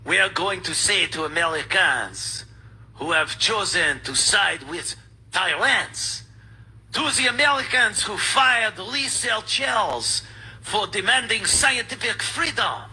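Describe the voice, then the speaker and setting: A man voicing a pompous male French politician in an exaggerated mock French accent, talking in a haughty, drawn-out way. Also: sits high, animated, sharp tone, slightly rough, full character voice, low-quality recording. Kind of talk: mocking impression on a talk show.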